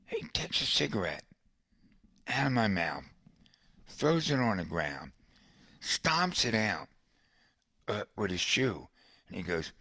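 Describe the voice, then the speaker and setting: A man with a lowish voice spins a casual story at a slow, easy pace, breaking off for asides to a friend in the room. The sound is dry and close, with no room around it. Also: sing-song, sharp tone, slightly rough, no room sound. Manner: conversational, colorful storyteller with asides. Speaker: podcast host.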